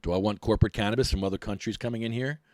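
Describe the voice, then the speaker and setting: A middle-aged man, hosting a podcast and ranting in a mocking, animated way. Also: fairly low pitch, rapid-fire, no echo, clean studio sound. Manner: animated, mocking, laughs often. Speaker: podcast host.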